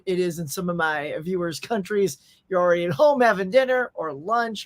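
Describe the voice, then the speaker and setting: A man's voice: high-pitched, dry recording. A goofy, upbeat man hosting a casual live stream from home, joking and chatting easily with his viewers. His voice sits close and dry on a desktop microphone, with no room sound around it. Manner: goofy, upbeat, reads viewer chat aloud. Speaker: host of a pop culture livestream. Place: home setup in Southern California. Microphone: desktop USB microphone.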